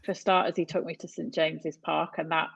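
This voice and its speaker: A woman's voice: deep voice, level tone, brisk, gravelly, a bit bright, slightly rough, no echo, muffled recording. A woman in her thirties from North West England, a podcast guest chatting casually and laughing often as she retells stories. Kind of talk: casual chat.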